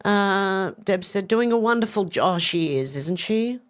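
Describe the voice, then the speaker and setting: A woman's voice: medium pitch, animated, measured pace. A middle-aged Australian woman hosting a casual live stream, reading viewer comments aloud with effusive, chatty thanks and a slightly congested voice. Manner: chatty, effusive, warm thanks, many restarts. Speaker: livestream host.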